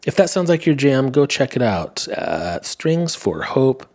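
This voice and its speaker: A man's voice: mid-range voice, big pitch swings, unhurried, darkish tone. A man in his thirties hosting a podcast, musing aloud in a rambling, self-questioning way. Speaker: podcast host and comedian. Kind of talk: casual monologue.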